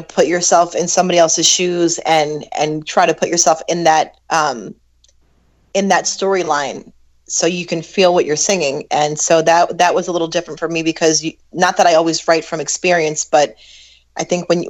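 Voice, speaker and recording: A middle-aged woman, a guest recording artist, chatting casually in an interview, with frequent restarts and easy laughter. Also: fairly low pitch. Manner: chatty, laughs easily, many restarts and fillers.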